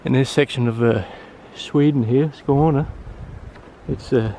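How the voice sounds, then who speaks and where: A man's voice: mid-range voice, takes it slowly. Breathless man hiking, wind on the mic. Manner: relaxed, hesitant with many fillers. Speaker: outdoor vlogger. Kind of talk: casual vlog narration while hiking. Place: outdoors on a wooded trail. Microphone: handheld camera mic. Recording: wind noise on camera mic.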